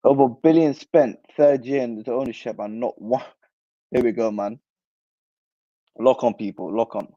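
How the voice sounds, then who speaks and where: A young man riffs on football and answers live chat, animated and full of slang. His voice is dark and mellow, recorded close and dry through a somewhat dull mic. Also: mid-range voice, moderate pace, pauses often, no room sound. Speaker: football channel host. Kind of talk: casual livestream chat.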